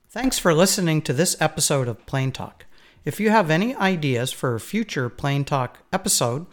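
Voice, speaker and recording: A man hosting a podcast reads a scripted outro in a friendly, measured way. His voice sits a bit higher than most men's. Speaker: podcast host.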